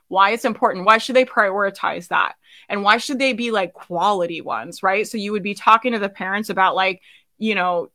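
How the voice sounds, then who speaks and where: A woman in her thirties coaching a live online group, chatty and quick to laugh, tired and losing her voice. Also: medium pitch, pushed and bright. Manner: chatty, laughs often, many fillers. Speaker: business coach hosting a live session. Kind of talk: casual live-stream coaching.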